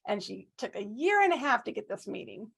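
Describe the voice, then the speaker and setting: A woman giving a humorous storytelling speech at a club, animated and self-mocking, often asking the audience questions. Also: mid-range voice, brisk, vocal fry, slightly rough. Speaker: club speaker.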